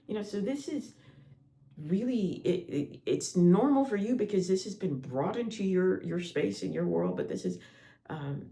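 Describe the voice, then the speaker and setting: A man's voice: high voice, wildly swooping pitch, moderate pace, mellow, a little hiss or hum. Rambling male spiritual podcast host. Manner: rambling, many restarts and asides. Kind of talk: spiritual monologue.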